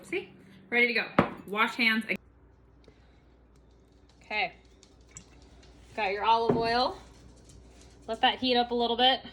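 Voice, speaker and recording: A woman's voice: a little high, little pitch movement, slow, long pauses, background noise. A woman hosting a casual home cooking video, chatty and bubbly with playful asides, in her home kitchen.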